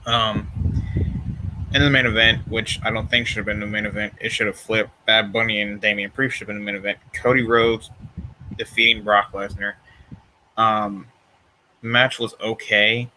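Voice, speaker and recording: Tired, rambling young man, bright voice. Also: fairly low pitch, normal speed, low-quality recording. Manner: relaxed, rambling, many fillers and restarts. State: tired, yawning. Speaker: vlogger reviewing wrestling shows. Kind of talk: casual chat.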